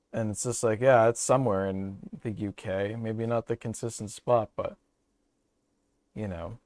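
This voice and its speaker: A man's voice: fairly low pitch, moderate pace, a little mellow, dry recording, clean studio sound. A young man from Canada, rambling profanely through casual gaming commentary. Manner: rambling, profane, jokey asides. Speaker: streamer.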